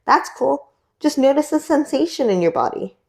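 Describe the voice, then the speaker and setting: A young woman teaching a guided yoga class, giving gentle cues and asking encouraging check-in questions as she leads through poses. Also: high voice, sing-song, moderate pace. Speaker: yoga instructor.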